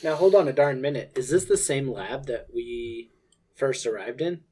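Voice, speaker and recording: A man's voice: medium pitch, moderate pace, dark tone, husky. A man playing a tabletop game, chatting casually with dry jokes. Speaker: player. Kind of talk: casual chat.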